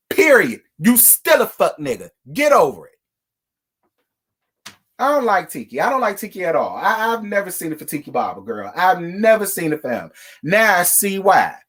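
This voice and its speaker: A man's voice: high-pitched, big pitch swings, fairly quick, fairly bright tone. A man hosting a casual reality TV recap, talking bluntly and profanely in a scolding tone. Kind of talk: casual commentary rant.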